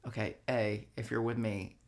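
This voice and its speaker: A co-host trades teasing jabs in casual podcast chat. The voice sits at a middle pitch with a gravelly, creaky edge. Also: little pitch movement, moderate pace. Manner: teasing, playfully indignant.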